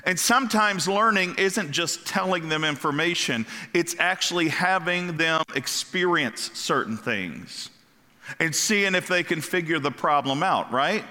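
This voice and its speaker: A man preaching a sermon as pastor, animated and asking the congregation questions. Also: fairly high pitch, measured pace. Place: church sanctuary. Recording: long hall reverb.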